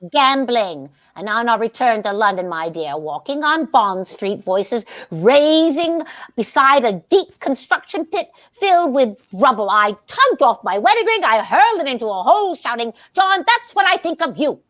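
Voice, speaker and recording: A woman's voice: fairly high pitch, big pitch swings, moderate pace, fairly bright tone. A woman giving a staged play reading as a scatterbrained, grandly theatrical aging stage actress who giggles often.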